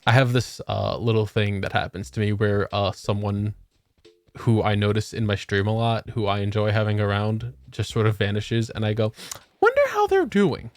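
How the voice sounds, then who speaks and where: A man's voice: lowish voice, flat delivery, moderate pace, no room sound. A young man streaming a game, chatting casually and joking with swearing, tired after a long work shift. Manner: laid-back, swearing, joking. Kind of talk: casual chat while gaming.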